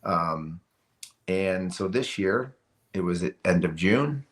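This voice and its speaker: Speaking slowly and expressively in a low-pitched voice, this retired hockey player shares a personal story on a podcast. He's middle-aged, the interview is casual, and his telling is full of restarts and "you know"s.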